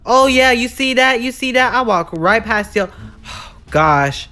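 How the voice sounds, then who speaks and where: This expressive, medium-pitched voice moves at a slow pace and sounds pushed and bright. It's a horror-game commentator who jumps at scares, shrieks, repeats exclamations, and talks back to the villain with sass.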